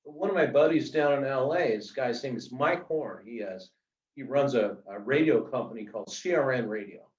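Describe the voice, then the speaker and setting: A man's voice: mid-range voice, moderate pace. Middle-aged man, casual anecdotes, lots of fillers, echoey room, dull sound. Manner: chatty, animated anecdotes with frequent fillers. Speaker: author being interviewed. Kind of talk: casual storytelling. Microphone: video call. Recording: roomy, distant, dull video call audio.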